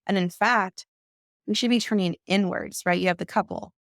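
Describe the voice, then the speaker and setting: A woman coach and mother giving conversational advice, emphatic and quick to act out the voices she quotes. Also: mid-range voice, steady tone, creaky, no room sound, clean studio sound.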